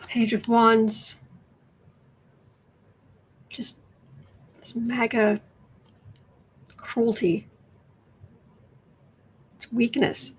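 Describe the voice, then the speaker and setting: A husky, level voice on the high side belongs to an American woman hosting a casual tarot livestream. She draws out her words and pauses often while chatting and thinking aloud over viewer questions, picked up by a webcam mic.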